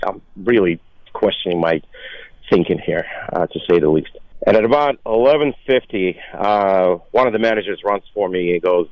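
A man's voice: low voice, moderate pace, no room sound. Man from Russia telling a story. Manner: animated anecdote with acted quotes. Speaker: former player, guest. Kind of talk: storytelling on a radio podcast. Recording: dry, dull lo-fi call audio.

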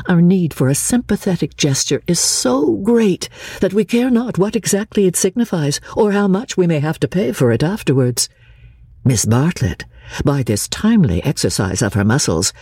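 Expressive audiobook narrator, husky and dry. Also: mid-range voice, no room sound. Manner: expressive, varied reading. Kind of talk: scripted narration of a classic novel.

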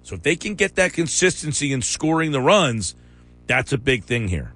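This sports radio host has a mid-range, fairly bright voice with big swings in pitch. Casual yet argumentative, he's quick to contest his co-host's claims.

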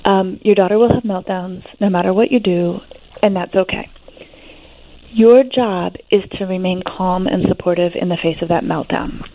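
A woman with a gravelly, creaky voice explains things to an interviewer with animated reassurance, often pausing on fillers. She sounds thin and tinny, as if over a phone line, with no room sound around her. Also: on the low side, dry recording. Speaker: guest expert and author on adolescence. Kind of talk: interview conversation.

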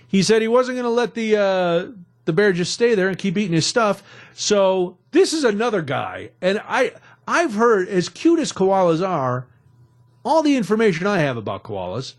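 A man hosting a radio talk show, recapping odd news stories in a jokey, rambling way from a studio. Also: high-pitched.

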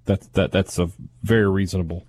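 A man's voice: deep voice, brisk. A man co-hosting sports radio, reacting to rankings with exasperated, mocking banter. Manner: animated, exasperated, mocking groans. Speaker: radio co-host.

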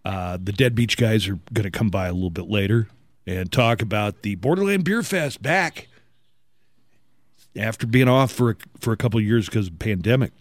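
A man's voice: fairly low pitch, lively intonation, no room sound. A middle-aged man hosting a morning radio show, trading casual jokes and reading news and listings. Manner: wisecracking, conversational, reads listings briskly.

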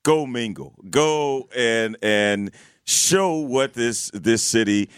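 A man co-hosting a morning radio show, speaking in a reserved, measured way from a studio mic. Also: mid-range voice, expressive, smooth, no echo. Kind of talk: casual morning radio chat. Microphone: studio microphone.

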